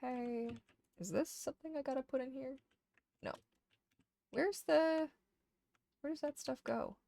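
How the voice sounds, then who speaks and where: A woman streamer casually chatting to herself while sorting items in a game, getting animated when something excites her. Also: high-pitched, brisk, vocal fry, no room sound. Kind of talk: casual gameplay chat.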